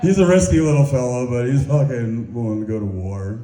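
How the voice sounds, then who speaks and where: Stand-up comic, young man, rambling and crude, mellow tone, roomy club sound. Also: medium pitch, a little fast. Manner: crude, rambling, self-mocking storytelling. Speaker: stand-up comedian. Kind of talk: stand-up set.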